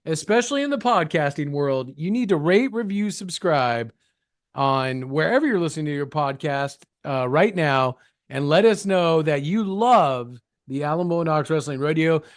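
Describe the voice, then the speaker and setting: A man's voice: on the high side, animated, moderate pace, no room sound, studio quality. A man co-hosting a comedic wrestling podcast, playing up words with mock-grand, hammy emphasis. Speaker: co-host.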